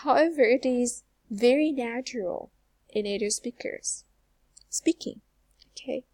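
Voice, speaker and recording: Young woman, English teacher; dry, close sound, careful and slow, repeats examples. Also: fairly high pitch, a little mellow, slightly rough, no echo. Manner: demonstrates phrases by repeating them slowly. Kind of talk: slow, careful pronunciation lesson.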